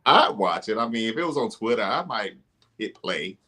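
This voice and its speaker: A man co-hosting a casual recap chat, relaxed and giggly with joking remarks. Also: lowish voice, normal speed, husky. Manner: laid-back, giggly, joking. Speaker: podcast co-host.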